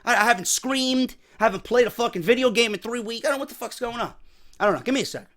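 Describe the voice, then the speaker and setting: A man in his thirties with a New York accent and a hoarse voice, telling a story as a profane, angry rant with loud bursts. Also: very high voice, animated, rapid-fire. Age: 30s. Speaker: wrestling podcast host.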